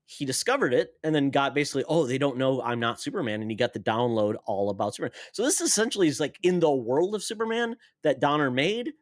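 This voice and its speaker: A man's voice: a little high, expressive, fast, few pauses, no room sound, studio quality. A man co-hosting a casual pop-culture podcast, walking through story points in an explanatory way. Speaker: podcast co-host. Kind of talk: casual chat.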